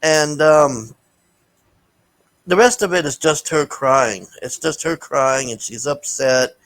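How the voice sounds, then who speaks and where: A man's voice: on the high side, slow pace, fairly bright tone, poor audio. A man giving a casual, rambling movie review, blunt and profane, with lots of fillers and restarts. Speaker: vlogger reviewing a film.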